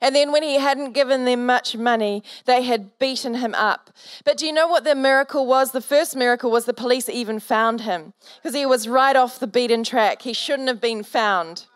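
A woman's voice: fairly high pitch, normal speed, no echo, clean studio sound. A woman pastor preaching a sermon, telling a story earnestly and building to fervent exhortation.

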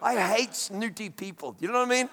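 A pastor preaching a sermon in a conversational, emphatic way, with friendly asides. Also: male voice, high voice, brisk, bright, forceful tone, big-room sound.

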